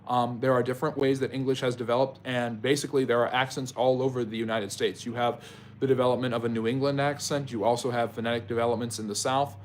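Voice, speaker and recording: A man's voice: mid-range voice, level tone, fast, slight background noise. A man hosts a live history stream, speaking in a mid-range voice. He answers chat questions one by one, addressing viewers by name. His long explanations are dotted with ums and mid-sentence restarts. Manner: explains at length, with frequent ums and self-corrections. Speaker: history channel host.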